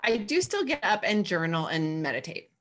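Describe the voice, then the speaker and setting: A woman's voice: medium pitch, big pitch swings, normal speed. A woman in her thirties or forties, a guest in a casual conversation, talking candidly in a chatty way with frequent fillers.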